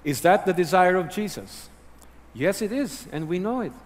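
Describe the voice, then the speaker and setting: Earnest pastor preaching in a reverberant hall. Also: male voice, high voice, expressive, moderate pace. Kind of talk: sermon.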